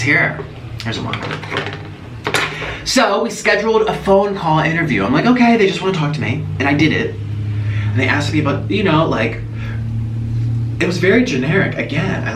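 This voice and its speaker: A man vlogging as he eats, chatty and animated, breaking off with sudden gasps and exclamations. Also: on the high side. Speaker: mukbang vlogger. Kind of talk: casual chat while eating. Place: echoey room at home. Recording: echoey room, voice from a distance, faint noise.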